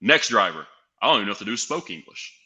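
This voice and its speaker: A young man from Tennessee tells a long story as a podcast guest. His voice is strikingly bright and forward. He plays out each exchange with lively quoted dialogue. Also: on the low side, fast talker. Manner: animated, acts out quoted dialogue. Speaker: guest, pro wrestler and sales executive.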